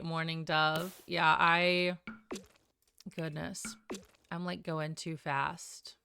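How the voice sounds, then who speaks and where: A woman's voice: on the low side, level tone, slow, creaky, bright, forceful tone, clear, resonant tone, no echo, studio quality. A woman streamer chatting casually and a bit scatterbrained while building in a game, with a sing-songy way of talking. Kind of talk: casual live-stream chat while gaming.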